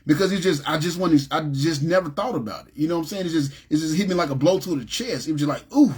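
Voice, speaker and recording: A man telling his personal testimony in an emotional, halting way, with many restarts, choking up at times. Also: a little high, husky. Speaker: testimony speaker.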